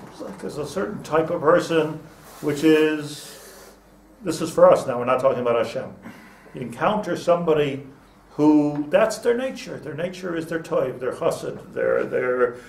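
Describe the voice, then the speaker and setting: A man's voice: fairly high pitch, normal speed, creaky, a little mellow, slight background noise. A man, a rabbi, giving an informal class to students, chatty and restarting his phrases, with Hebrew terms mixed in. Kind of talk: informal Torah lecture. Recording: roomy echo, mic at a distance.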